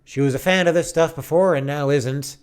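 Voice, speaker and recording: A man giving casual video commentary with an animated, sarcastic and preachy manner. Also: a little high, brisk, clear, resonant tone. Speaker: online commentator.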